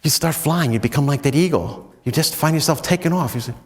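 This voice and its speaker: An American man, a priest, telling stories in a chatty, self-mocking retreat talk full of "you know"s, and often breaking into animated high swoops. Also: fairly quick, big-room sound. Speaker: priest giving a spiritual talk.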